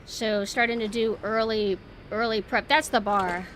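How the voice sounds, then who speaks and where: A woman streamer giving casual gameplay commentary, chatting to her viewers and jumping to high squeals when flustered. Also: fairly even intonation, measured pace, fairly bright tone, faint music behind.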